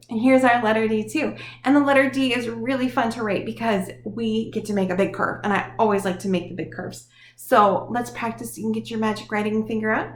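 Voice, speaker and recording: A woman teaching young children in a lively, sing-song manner, encouraging them and talking straight to them. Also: high voice, echoey room, a little hiss or hum. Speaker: preschool teacher. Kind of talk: children's lesson.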